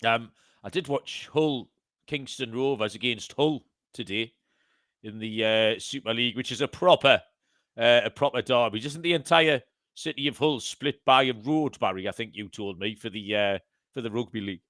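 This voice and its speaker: A man's voice: mid-range voice, moderate pace, a bit bright, no echo, clean studio sound. A man hosting a podcast, chatting casually and amusing himself with his own banter. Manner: chatty, self-amused banter. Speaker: podcast host.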